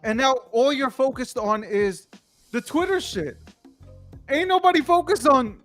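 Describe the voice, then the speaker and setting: A man's voice: high-pitched, fairly bright tone. A man co-hosting a late-night news show, talking in a slangy, emphatic and rambling way in casual commentary.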